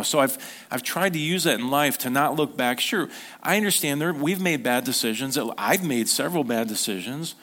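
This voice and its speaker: A middle-aged pastor with a fairly high, slightly bright voice gives an informal sermon to his congregation. He speaks conversationally, acts out short quotes, and often restarts his sentences.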